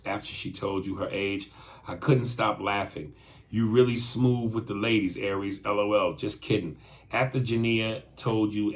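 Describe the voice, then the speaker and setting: A low-voiced man co-hosts a podcast and reads out a listener email. He talks bluntly and curses freely, getting loud and animated as he reacts. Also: normal speed. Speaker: podcast co-host. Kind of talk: casual chat, reading listener email.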